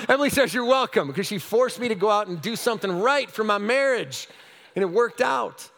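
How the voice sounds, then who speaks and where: A male pastor telling a story from the pulpit, his voice sitting high for a man. He swings from loud, excited bursts to hushed asides. The sound rings with long reverb from a large hall. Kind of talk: storytelling sermon.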